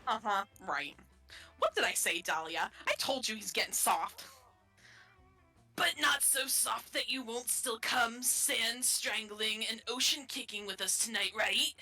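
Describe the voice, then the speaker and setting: A woman's voice: a little high, measured pace, bright, forceful tone, faint music behind, exaggerated voice, low-quality recording. A woman voicing a cocky, reckless friend who taunts and brags. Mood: taunting. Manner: taunting, boastful. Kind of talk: live-streamed improvised voice acting.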